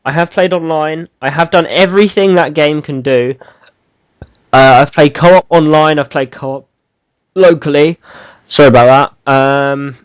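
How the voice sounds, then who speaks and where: A man's voice: mid-range voice, clean tone, dry recording, low-quality recording. A man co-hosting a casual gaming podcast, rambling and teasing, with lots of ums and restarts. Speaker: podcast co-host.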